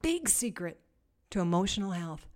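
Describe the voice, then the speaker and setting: A woman giving a conversational Christian teaching to women, energetic and emphatic, stacking repeated phrases and asking her listeners direct questions. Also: medium pitch, normal speed. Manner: energetic, repetitive, emphatic lists.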